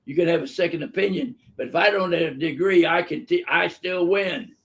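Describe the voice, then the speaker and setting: Older male doctor hosting a webinar, gravelly, slightly high voice, blunt and emphatic. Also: brisk, fairly bright tone. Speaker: physician host answering viewer questions. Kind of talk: live webinar storytelling. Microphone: live webinar microphone.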